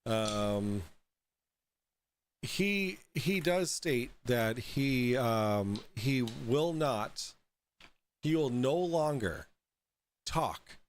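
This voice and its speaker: A man hosting a casual livestream, drunk and high, rambling and halting over fillers as he talks. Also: animated, slight background noise. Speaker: host.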